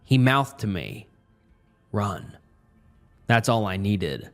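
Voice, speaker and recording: Man narrating horror, soft music behind. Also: lowish voice, very animated, vocal fry. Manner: tense, measured storytelling. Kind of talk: scripted narration. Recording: faint music underneath.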